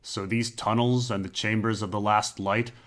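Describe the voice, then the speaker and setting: A man voicing a stern, grim knight who speaks in a measured way. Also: lowish voice, flat delivery, a bit bright, natural voice.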